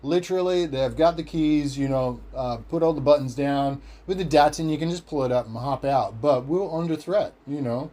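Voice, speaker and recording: A man's voice: a little high, moderate pace, few pauses, dark tone. Rambling, cursing Australian man. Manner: rambling, profane, acts out quoted voices. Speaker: podcast host. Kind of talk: casual storytelling.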